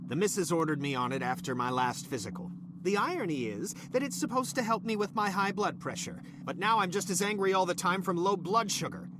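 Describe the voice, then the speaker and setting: A cranky middle-aged scientist in a video game, high-pitched and swinging wildly between sarcastic snaps and weary apologies. The voice sits high and jumps all over. A clear noise hum runs under the game audio. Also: male voice, expressive, a little fast. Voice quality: snappish, sarcastic, then apologetic. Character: irritable middle-aged male scientist, stressed and short-tempered. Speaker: game character.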